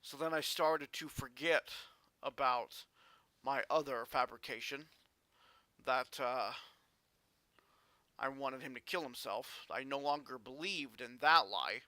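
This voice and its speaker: A man vlogging a personal story in an earnest, halting way with frequent restarts. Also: mid-range voice, bright, forceful tone, no echo.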